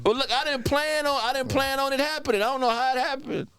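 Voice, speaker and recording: A man's voice: very high-pitched, fast talker, fairly bright tone. A man in his thirties hosting a podcast, telling loose, profane stories in casual chat. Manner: loose storyteller, swears, voices his own past lines. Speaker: podcast host.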